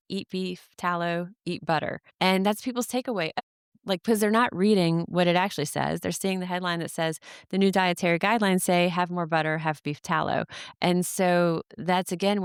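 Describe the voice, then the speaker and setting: Low, smooth-voiced woman explaining nutrition. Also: no echo, clean studio sound. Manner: measured, explains step by step with frequent fillers. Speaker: podcast host. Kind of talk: solo explanatory podcast talk.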